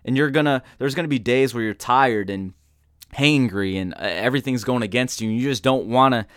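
A man's voice: medium pitch, brisk, fairly bright tone, no room sound, clean studio sound. A man giving an earnest motivational talk in a storytelling manner. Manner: earnest, storytelling, acts out quoted voices. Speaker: motivational speaker.

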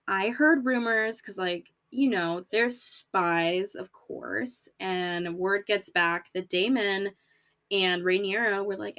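A woman hosting her own podcast in loose, chatty recap mode. She talks in a valley-girl rhythm packed with "like," swears freely, and laughs at herself as she goes. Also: medium pitch. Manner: animated, filler-heavy valley-girl talk, acts out characters in quick quoted voices. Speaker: podcast host. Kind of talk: casual recap chat.

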